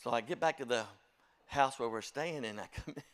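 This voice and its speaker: A man's voice: mid-range voice, fairly quick, a bit bright. Older man, music director type, spins folksy self-deprecating church stories. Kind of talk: storytelling talk to a congregation.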